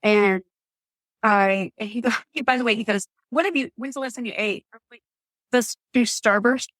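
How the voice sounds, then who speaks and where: A woman in her thirties telling her birth story as a podcast guest, lively and quick to act out what people said. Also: a little high, dry recording. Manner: animated storytelling, acts out quotes.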